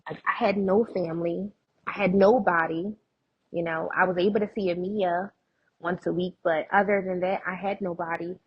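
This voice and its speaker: Woman, interview guest, husky and breathy, earnest storytelling, stops and restarts, slightly dull lo-fi recording. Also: fairly low pitch, steady tone, normal speed. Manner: earnest, tells anecdotes with frequent restarts. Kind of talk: emotional personal storytelling in conversation.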